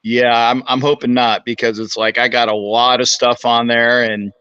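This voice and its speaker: A man in his sixties with a bright, sharp voice, humble and chatty as he talks to his hosts. He sits close to his phone, so the sound is dry but dull and muffled. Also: mid-range voice, level tone, moderate pace, clear, resonant tone, no room sound. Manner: humble, chatty, self-deprecating. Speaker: guest. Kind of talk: casual interview chat.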